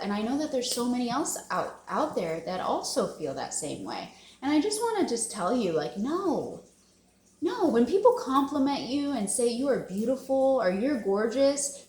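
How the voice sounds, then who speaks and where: A woman's voice: a little high, sing-song, moderate pace, darkish tone, echoey room. A woman, talking in a casual, emotional, rambling confessional vlog and laughing often. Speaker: wellness vlogger.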